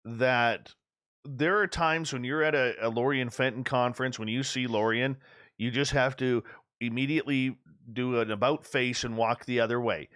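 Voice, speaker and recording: A man's voice: mid-range voice, moderate pace, smooth, no echo, studio quality. A man hosting a radio talk show, joking around and chuckling along with his guest. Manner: jokey, expressive, chuckles along. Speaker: radio host. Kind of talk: casual radio chat.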